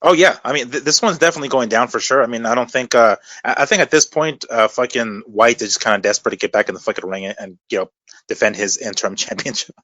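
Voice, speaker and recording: A man's voice: medium pitch, quick pace, bright, forceful tone, dry recording. A man co-hosting a casual boxing podcast, rambling and profane with many fillers. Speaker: podcast co-host.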